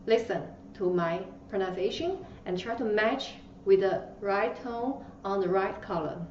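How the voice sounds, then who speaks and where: A woman's voice: medium pitch, a little slow. A woman teaching beginners the tones, patiently drawing out each syllable. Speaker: Chinese language teacher. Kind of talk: slow instructional lesson. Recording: roomy, distant, slightly dull mic with faint hiss.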